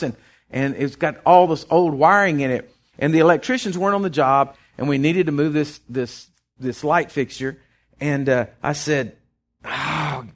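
A man preaching a folksy sermon, often repeating words as he goes. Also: fairly high pitch. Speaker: pastor.

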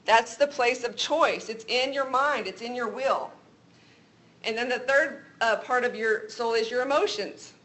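A woman's voice: on the high side, measured pace, fairly bright tone, poor audio. A middle-aged woman co-hosting a Christian talk show, giving an earnest faith teaching and telling personal stories. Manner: earnest, testimony-style storytelling.

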